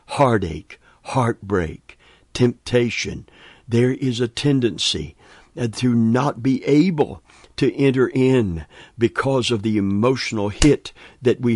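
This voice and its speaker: A man preaching a sermon in an earnest, emphatic way, laughing softly now and then. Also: mid-range voice, no room sound, clean studio sound. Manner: earnest, emphatic, with warm chuckles.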